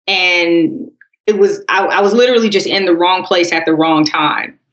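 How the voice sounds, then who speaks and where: A woman's voice: fairly low pitch, moderate pace, lo-fi sound. Woman podcast host, roomy sound. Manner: calm, storytelling, addresses listeners as y'all. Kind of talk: casual political chat.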